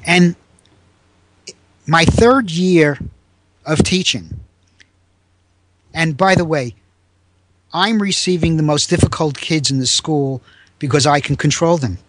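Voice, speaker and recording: A man in his seventies telling a story in a conversation, animated and acting out the people he quotes. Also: slow, long pauses, dry recording. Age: 70s. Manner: animated, raises pitch to act out quoted people. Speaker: guest, former teacher.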